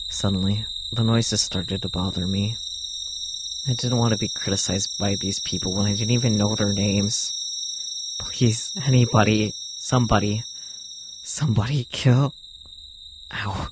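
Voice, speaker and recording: A man's voice: on the low side, fairly even intonation, measured pace, pauses often, noisy background. Brooding man reading a game aloud. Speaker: streamer. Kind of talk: dramatic visual novel reading.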